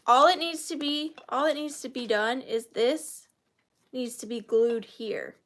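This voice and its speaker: A woman's voice: high-pitched, fairly even intonation, a little slow, a bit bright. A woman in her thirties hosting a live vintage sale, chatty and self-deprecating, easily moved to tears. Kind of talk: chatty live-stream selling.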